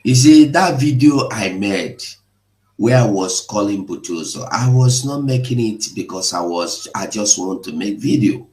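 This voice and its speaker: A man speaks slowly and with feeling, piling up rhetorical questions in a live online broadcast. His voice rings out in an echoey room. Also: fairly low pitch, expressive, a little mellow. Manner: emotional, rhetorical, mocking laughs at times. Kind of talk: impassioned live broadcast talk.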